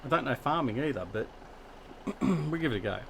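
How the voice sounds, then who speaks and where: A man's voice: mid-range voice, lively intonation, fairly quick, vocal fry, a bit bright, slight background noise. An Australian man chatting casually with viewers while hosting a gaming livestream, greeting people by name and joking about himself. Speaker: livestream host.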